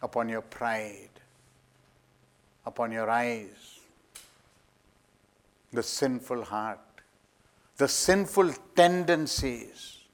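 A man preaching a sermon with dramatic storytelling, acting out voices and swinging from loud declarations to hushed asides. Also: mid-range voice, very slow, pauses often.

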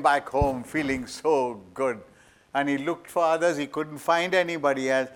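A man preaching a sermon with dramatic storytelling, acting out voices and swinging from loud declarations to hushed asides. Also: on the high side, fairly even intonation, normal speed.

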